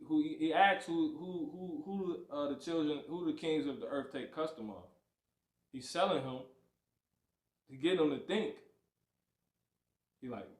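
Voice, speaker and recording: A man's voice: a little high, roomy sound. A man teaching a livestreamed Bible lesson in a preachy, repetitive way, often asking "you see?". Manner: preachy, repeats "you see" and "you know what I'm saying", animated swings. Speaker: scripture teacher.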